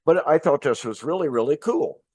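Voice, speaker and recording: A man, a minister hosting his show, telling a casual personal story in a chatty, relaxed way with many "uh" fillers. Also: on the high side, brisk, slightly rough, dry recording.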